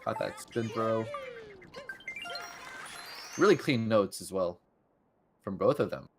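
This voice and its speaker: This man calls a speedrun race with a relaxed, conversational flow. His voice sits a little low, and faint music plays underneath. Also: slow. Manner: casual, chatty, thinks aloud with fillers. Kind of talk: live game commentary.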